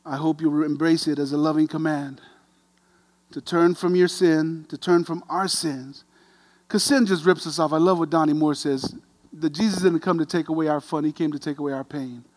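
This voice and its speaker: A middle-aged man preaching, an animated, self-deprecating storyteller who grows quiet and earnest. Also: fairly high pitch. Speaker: pastor. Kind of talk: sermon storytelling.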